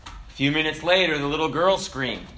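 Man, pastor, sermon, slightly high pitch, bright tone, emphatic, humorous asides. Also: moderate pace, slight background noise.

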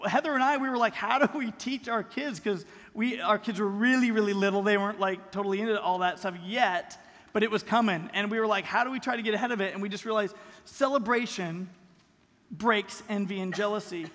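A man's voice: sits high, brisk, fairly bright tone. A middle-aged man preaching a sermon as pastor, in a conversational style that leans on rhetorical questions. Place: church sanctuary. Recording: long reverb in a large hall.

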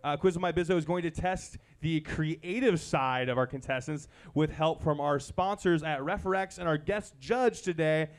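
A man's voice: fairly high pitch, normal speed, few pauses. A man hosting a live comedy quiz show, playful and a little rambling as he loses track. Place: live event venue.

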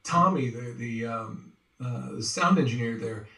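A man being interviewed as a voice actor, telling stories in an animated way and slipping into quick impressions. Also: medium pitch. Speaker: voice actor guest. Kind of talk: casual interview chat. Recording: roomy, distant from the mic.

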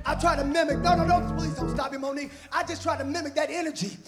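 A man preaching a sermon, shouting and chanting repeated phrases in a live church service. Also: very high-pitched, fairly even intonation, quick pace. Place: church sanctuary. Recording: live church with music and congregation. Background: organ music and responding crowd.

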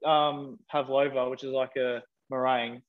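A man's voice: medium pitch, level tone, moderate pace. Young Australian man, casual podcast guest, rambling, lo-fi recording. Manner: rambling, many fillers like "like". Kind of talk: casual chat. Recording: dull lo-fi sound.

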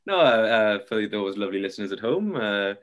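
A young British man co-hosts a podcast, spinning stories in a casual, jokey style like pub chat. His voice is fairly low and his delivery brisk and animated.

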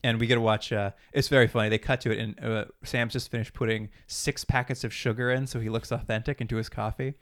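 A man's voice: medium pitch, quick pace, few pauses. A man co-hosting a podcast, casually recapping a TV show and acting out the characters' lines as he tells it. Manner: animated retelling, acts out quoted lines. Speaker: podcast co-host.

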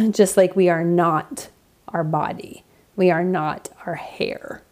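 A woman in her thirties talks through her thoughts on a podcast, candid and reflective, with frequent fillers. Her voice sits low and has a gravelly fry running through it. The tone is dark and mellow rather than bright. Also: expressive, takes it slowly. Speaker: podcast host. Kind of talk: casual podcast monologue.

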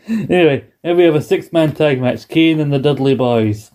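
A man's voice: fairly high pitch, moderate pace, mellow. A man co-hosting a casual podcast, rambling playfully through a wrestling recap and acting out lines. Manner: rambling, playful, acts out quotes. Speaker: podcast co-host.

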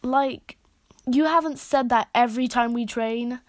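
A woman reading the lines of a hot-tempered, foul-mouthed teen boy hero, gruff and barking but breaking into giggles. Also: fairly high pitch, measured pace, no room sound, clean studio sound, lightly acted.

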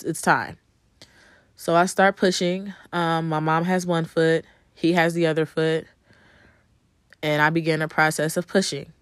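A woman's voice: deep voice, no room sound, clean studio sound. A woman telling viewers a personal story in a conversational way, with frequent ums and repeated phrases. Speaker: vlogger telling her birth story.

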